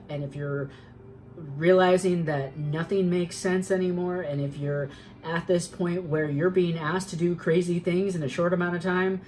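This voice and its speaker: A woman's voice: sits low, darkish tone, poor audio. A woman giving an earnest, emphatic tarot reading, repeating herself and swearing for emphasis. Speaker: tarot reader. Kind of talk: spoken tarot reading, motivational.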